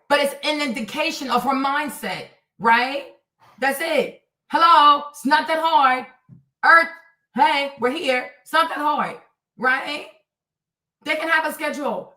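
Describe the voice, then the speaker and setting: A woman's voice: sits high, bright, forceful tone, reverberant, far from the mic, rough recording. A woman livestreaming commentary, reading and answering her chat in a blunt, scolding way, repeating her points.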